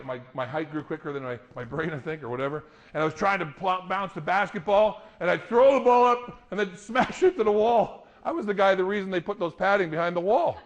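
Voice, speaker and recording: A middle-aged man giving a lively talk to an audience, storytelling with laughter. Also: high-pitched. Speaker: motivational speaker.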